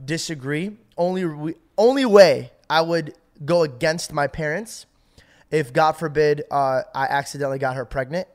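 Excitable rambling young man, higher voice. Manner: rambling, excitable, filler-heavy, quick to laugh. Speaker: podcast co-host. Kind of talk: casual chat.

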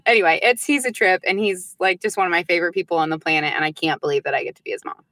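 A woman in her thirties, a podcast guest, chatting casually and telling lively stories about her young sons, acting out their little voices. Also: lowish voice, very fast, no echo. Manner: lively storyteller who acts out her kids' voices. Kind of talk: casual chat.

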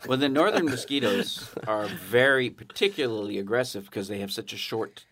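Deadpan man hosting a comedy podcast. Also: on the low side, normal speed. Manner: dry, deadpan jokes. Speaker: podcast host. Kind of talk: casual comedic banter.

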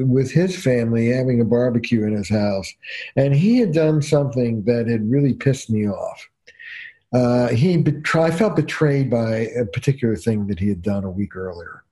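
A man's voice: medium pitch, normal speed. A man, a couples therapist, telling stories emphatically as a guest on a podcast interview. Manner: emphatic, animated storyteller.

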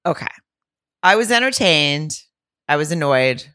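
A woman co-hosting a podcast in casual chat, blunt and quick to swear. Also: low voice, animated, sharp tone, smooth, no echo, studio quality. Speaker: podcast co-host.

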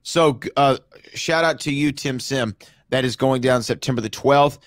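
A man's voice: medium pitch, moderate pace, no echo. Dry-sounding man, joking podcast co-host. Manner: joking, playful storyteller. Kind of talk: casual chat.

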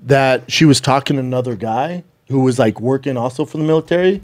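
A man co-hosting a podcast in casual chat, animated as he quotes people in put-on voices. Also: medium pitch, a little fast. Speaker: podcast co-host.

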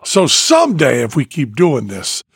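A man's voice: mid-range voice, huge pitch swings, unhurried, vocal fry, husky, dry recording, studio quality. A man hosting a casual chat, telling rambling stories and acting out dialogue. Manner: rambling storyteller, acts out dialogue. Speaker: podcast host, magician.

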